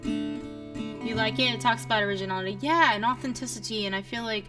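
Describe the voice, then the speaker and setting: A woman's voice: fairly high pitch, a little fast, far from the mic, music in the background. A young woman, a singer-songwriter, chatting casually with her livestream viewers, rambling with lots of fillers.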